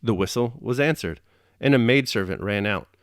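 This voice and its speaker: Male reader, steady measured narration of a classic novel, low and dry. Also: no echo. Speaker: audiobook reader and host. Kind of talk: reading a classic novel aloud.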